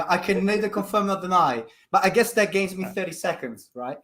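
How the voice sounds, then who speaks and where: A man with an Italian accent, a sales trainer making live cold calls on a headset, upbeat and quick to laugh while he moves about. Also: high voice, animated, fairly bright tone. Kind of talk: live cold call, chatty and playful.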